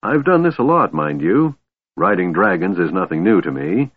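A gruff, stubborn old dwarf, played by a male narrator, grumbling and blustering in a husky voice. The sound is dry and thin, like a phone line. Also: low voice, very animated, normal speed, exaggerated voice. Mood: grumpy. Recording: tinny phone-like band, dry.

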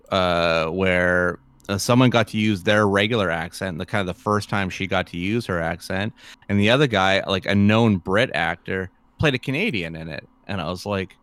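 A man with a lowish voice talking through films in a relaxed podcast chat. He rambles in a measured way and lets his sentences drift into quieter asides, recorded dry and close. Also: clean tone, no room sound. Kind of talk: casual movie discussion.

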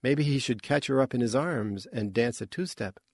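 A man reading a science fiction audiobook in a measured, even storytelling manner. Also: mid-range voice, vocal fry, dry recording. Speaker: audiobook narrator. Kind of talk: scripted narration.

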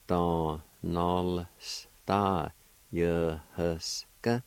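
A man hosting a radio language lesson, spelling words out and sounding each syllable with careful, deliberate repetition. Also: low voice, fairly even intonation, darkish tone, smooth, no room sound, poor audio. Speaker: radio host teaching Cherokee words. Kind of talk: slow spelling and pronunciation lesson.

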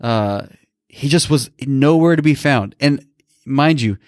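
A man's voice: mid-range voice, expressive, measured pace, dry recording, clean studio sound. A man in his thirties telling a personal story on a podcast, emotional and rambling, with many restarts. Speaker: podcast co-host. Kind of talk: casual storytelling.

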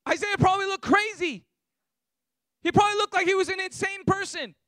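A man preaches in full sermon at a brisk pace, his very high voice pushed bright and forceful. Impassioned, he builds his points with fervor until he's shouting. The sound is close and dry with no echo.

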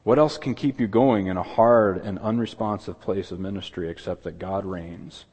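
A man preaching a sermon as pastor, earnest, with quick asides and objections voiced in a higher pitch. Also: darkish tone, husky. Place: church sanctuary. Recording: long hall reverb.

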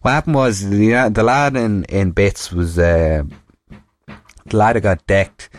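A man's voice: lowish voice, unhurried, no room sound, clean studio sound. A young Irish man hosting a podcast, telling a school story in casual chat, rambling and swearing freely. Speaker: podcast host.

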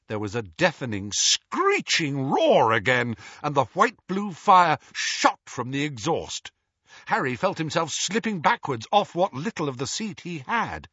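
A man narrating an audiobook in a dramatic, expressive reading. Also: on the high side, measured pace, slightly rough, no echo, muffled recording.

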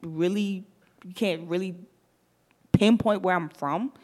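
Young Southern woman, podcast host, slight lisp, animated slangy chat with frequent laughs. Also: lowish voice, slow. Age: young adult.

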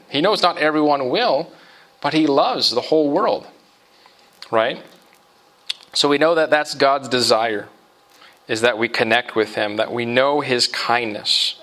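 A male pastor delivering a sermon with a bright, forward voice. He talks to the congregation in a relaxed, conversational way and keeps tossing in "right?" to draw them along. His pitch sits right in the middle for a man. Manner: conversational, often asks "right?" of listeners. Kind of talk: expository sermon.

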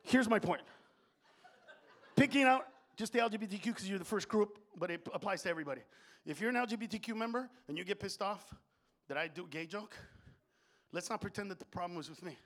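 A male stand-up comedian on stage, brash and profane, jumping between loud rants and low muttering. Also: lively intonation, fast talker. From Honduras. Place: comedy stage before a live audience.

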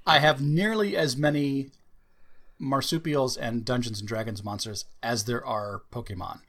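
A man's voice: mid-range voice, a bit bright. Dry-voiced man hosting a quiz. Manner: dry, spells words out slowly. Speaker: quiz host. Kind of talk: casual podcast banter.

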